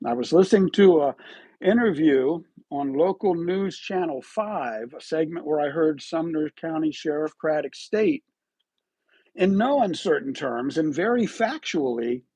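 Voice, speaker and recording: A man hosting a live solo commentary show, his husky voice sitting fairly high and swinging widely in pitch. He argues in a rhetorical, accusatory way and keeps asking his listeners "right?". The sound is close and dry. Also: a little mellow, dry recording. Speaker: host of a live online true-crime commentary show.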